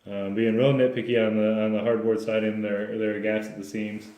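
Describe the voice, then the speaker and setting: A man walks a client through his home inspection findings. His voice sits low and stays flat, and he talks in a practical way, often restarting his sentences. The recording has the roomy echo of a bare space. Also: fairly quick, a little hiss or hum. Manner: plain, practical, with frequent restarts. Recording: echoey room.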